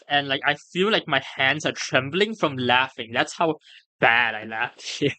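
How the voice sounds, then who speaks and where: An excitable streamer reacts on a live stream, laughing often and cursing freely. The voice sits in a middle register, and the words tumble into stammers and restarts. The recording is dry and close, with no room sound. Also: medium pitch, a little slow, no room sound. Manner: stammers and restarts when flustered.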